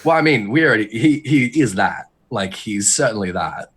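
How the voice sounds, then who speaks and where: A man talking in a casual podcast, rambling with many restarts and getting animated as he speculates. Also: on the low side, moderate pace, breathy edge. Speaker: podcast guest.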